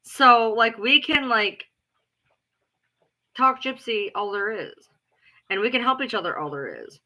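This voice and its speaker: A woman talking in a casual rant to her followers, blunt and profane, repeating herself for emphasis and calling herself loud. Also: fairly high pitch, lively intonation, a little slow. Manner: loud, self-described alpha female. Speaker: live streamer. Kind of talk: casual ranting chat.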